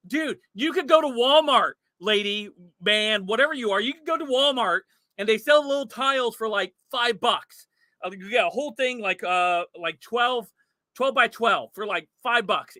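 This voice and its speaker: High, bright-voiced man hosting a stream. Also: no room sound, clean studio sound. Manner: exclaiming, incredulous, laughs often. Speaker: livestream host. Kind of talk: livestream commentary.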